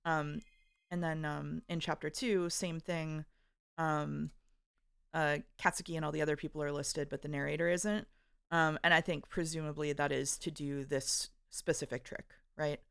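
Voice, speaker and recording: A woman with a low, gravelly voice talks casually on a stream, her speech smooth and crisp under the fry. She recaps at an unhurried pace, with lots of ums and uhs. The sound is close and dry, with no room echo. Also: flat delivery, fairly bright tone. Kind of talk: casual chat.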